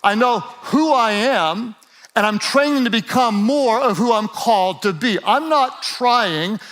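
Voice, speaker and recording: Guy preaching a sermon, pretty high voice, jokey then really fired up, gets folks to say stuff back. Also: measured pace. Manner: builds from relaxed joking to rising, emphatic exhortation; calls listeners to repeat lines aloud. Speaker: pastor.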